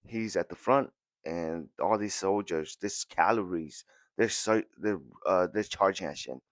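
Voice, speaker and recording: A man hosting a podcast who recaps a comic chapter with excitement, repeating words and acting out lines. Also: low-pitched, measured pace, dry recording. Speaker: podcast host.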